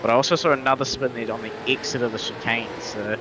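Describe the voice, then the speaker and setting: A man commentating a sim race live, chatty and quick with frequent restarts, his voice going hoarse. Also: mid-range voice, steady tone. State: losing his voice. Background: race car engine noise.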